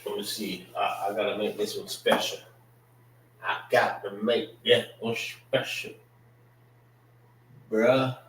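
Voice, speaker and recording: A man teaching an informal language class, slow and repetitive, casual in his talk. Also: lowish voice, a bit bright, far from the mic, a little hiss or hum. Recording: roomy, from off-mic.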